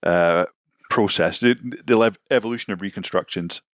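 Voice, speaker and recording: A man's voice: low-pitched, normal speed, fairly bright tone. A man co-hosting a podcast, talking in a rambling, hedging, easygoing way. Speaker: podcast co-host. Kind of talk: casual chat.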